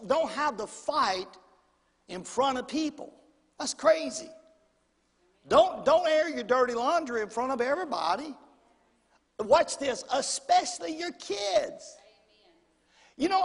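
A middle-aged man preaching a sermon in a folksy, animated way, calling out to the congregation. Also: extremely high pitch. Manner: folksy, animated preaching with audience call-outs. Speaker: pastor. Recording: long hall reverb, husky voice.

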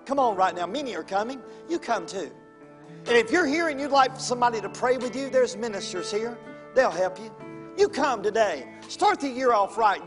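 A man's voice: high-pitched, expressive, moderate pace. A man, a pastor preaching an evangelistic sermon and calling people to the altar with fervent, repetitive urging. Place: large church auditorium. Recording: long reverb of a large hall with faint music.

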